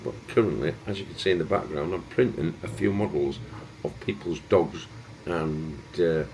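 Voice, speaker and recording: A man's voice: low voice, moderate pace, a little mellow, a little hiss or hum. A man with a broad Yorkshire accent, hosting a casual vlog in a chatty, easygoing way. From England. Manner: chatty and easygoing, with plain everyday phrasing. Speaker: host. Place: room with 3D printers running.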